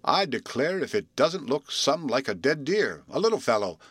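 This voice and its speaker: A man voicing an eager, excitable young man in a storybook reading, exclaiming as he talks. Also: mid-range voice, moderate pace, husky, no echo. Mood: excited.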